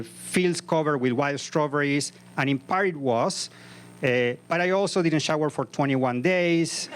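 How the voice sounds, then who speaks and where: A man's voice: fairly high pitch, noisy background. A man in his fifties performing a live comic story on a comedy club stage, with vivid, punchy narration into a stage microphone.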